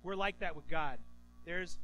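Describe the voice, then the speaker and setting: A man in his thirties, a pastor preaching a sermon, telling stories with lively restarts and stammers. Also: fairly high pitch, measured pace, soft background music, rough recording. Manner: animated storytelling, stammering restarts.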